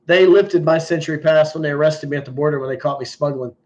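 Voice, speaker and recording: A man's voice: a little high, fast talker, darkish tone. A man hosting a live stream, telling stories in a blunt, profane way. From United States. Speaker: livestream host. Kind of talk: casual live stream chat. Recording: muffled stream audio.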